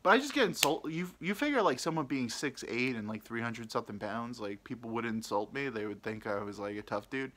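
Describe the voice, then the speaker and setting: A man's voice: medium pitch, lively intonation, brisk, few pauses, fairly bright tone, a little hiss or hum. Rambling self-mocking young man. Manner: rambling, self-deprecating, mimics people he quotes. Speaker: podcast host. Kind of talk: casual storytelling monologue.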